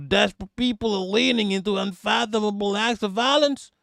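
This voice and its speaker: A man putting on an American accent to imitate a male politician giving a formal, measured statement. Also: high voice, creaky, fairly bright tone, no room sound, clean studio sound, pitched above the performer's own voice. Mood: earnest.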